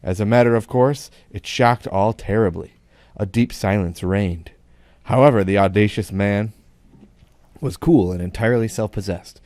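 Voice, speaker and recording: A man's voice: fairly low pitch, normal speed, a little mellow, no room sound. A man co-hosting a live podcast, reading an old joke aloud with wry asides and laughing at himself. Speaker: podcast co-host reading a segment.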